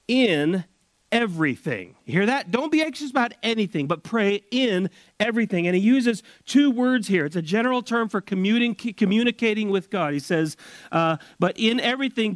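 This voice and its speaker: A male pastor delivering a sermon in a high, very animated voice. He stretches important phrases out slowly for emphasis. The sound is close and dry, with no room echo. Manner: expressive preaching with slowed, emphatic phrases. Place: church service.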